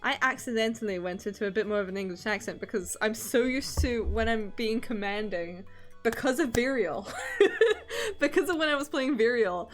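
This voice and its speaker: A woman's voice: fairly high pitch, normal speed, faint music behind. A woman streamer in casual chat, rambling with many ums and frequent laughs. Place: lives in Scotland.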